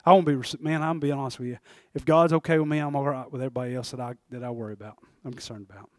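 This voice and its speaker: A man preaching a folksy sermon, dropping to a hush and then building to shouts. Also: medium pitch, steady tone, racing, no echo, studio quality. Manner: swings from hushed to shouting, folksy. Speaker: pastor.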